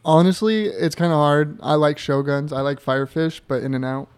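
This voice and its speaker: A man's voice: on the high side, steady tone, moderate pace, a little mellow, clean tone. A man as a guest in a casual podcast chat, laid-back and swearing freely.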